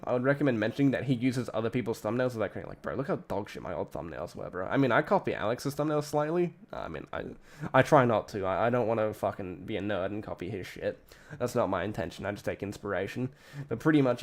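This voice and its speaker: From his home streaming setup, an Australian man chats casually in a darkish, mid-range voice. His commentary is rambling and profane, and he keeps breaking off before finishing his thoughts.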